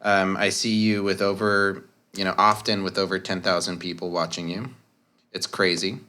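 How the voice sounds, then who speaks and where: Podcast host, man, low pitch, rambling casual chat. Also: flat delivery, moderate pace, bright, forceful tone. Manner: rambling, repeats words.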